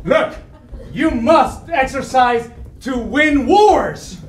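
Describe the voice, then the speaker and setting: A man playing a loud, bossy military drill leader in an improv scene, barking orders. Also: very high-pitched, expressive, extremely slow, a little hiss or hum, full character voice. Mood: commanding. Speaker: improv performer. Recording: echoey room, distant.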